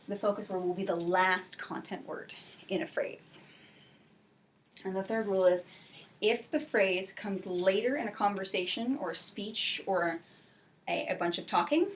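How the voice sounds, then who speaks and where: A woman teaching an English class for adult learners, speaking clearly and encouragingly, and modeling example sentences slowly. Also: on the low side, a little hiss or hum. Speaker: ESL teacher.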